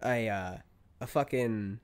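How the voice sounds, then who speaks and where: In a casual podcast chat, a man in his thirties tells a story as a guest, heated and swearing, his pitch going up when he's worked up. He speaks slowly in a clean tone.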